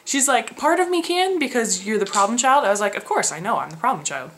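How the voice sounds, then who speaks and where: A woman's voice: fairly high pitch, sing-song, fast, a little hiss or hum. Frustrated young woman vlogging at home. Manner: frustrated, laughing, chatty. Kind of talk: casual pregnancy vlog.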